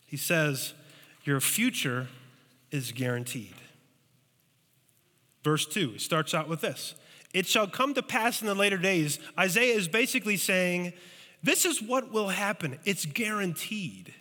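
High, bright-voiced preacher in a hall. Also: male voice, normal speed. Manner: animated storytelling, acting out scared voices. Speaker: pastor. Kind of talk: sermon.

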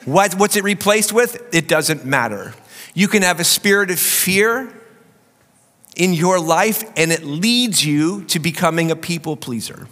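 Male pastor, sermon delivery, voice cracking from a cold, emphatic, a touch high, reverberant sanctuary sound. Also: expressive, measured pace, a bit bright. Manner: emphatic preaching with joking asides. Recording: long reverb of a large hall.

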